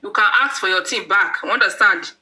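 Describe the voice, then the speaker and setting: A speaker who hesitates and stumbles through fillers in casual discussion. The voice is medium in pitch and very bright. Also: moderate pace.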